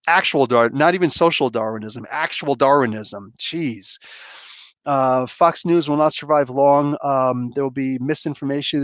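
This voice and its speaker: Fortyish guy on a livestream going off, blunt and heated, kinda high voice, dry close sound. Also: dry recording. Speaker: livestream host. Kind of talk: casual livestream rant.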